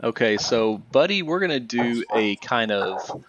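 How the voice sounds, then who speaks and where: A man's voice: mid-range voice, measured pace, noisy background. A man narrating a tabletop role-playing game as dungeon master, hesitant and casual with frequent restarts. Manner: relaxed, hesitant, restarts often.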